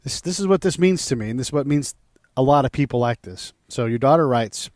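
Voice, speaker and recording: A man's voice: medium pitch, lively intonation, a little fast, no room sound. Guy hosting a podcast, gets choked up easy, dry close sound. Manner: warm-hearted, openly emotional. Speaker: podcast host. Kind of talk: casual interview.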